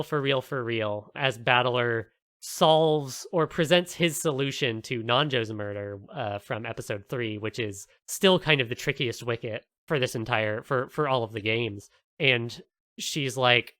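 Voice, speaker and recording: A man co-hosting a podcast, excitedly retelling a story in casual talk and swearing a lot. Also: medium pitch, a little slow, no echo. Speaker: podcast co-host.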